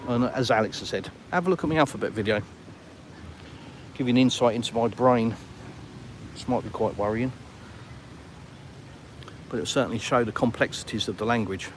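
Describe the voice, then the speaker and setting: A man's voice: medium pitch, normal speed, long pauses. British man, casual walking vlog, chatty rambling asides, outdoor street, faint traffic noise behind. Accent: British English. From Britain. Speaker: vlogger.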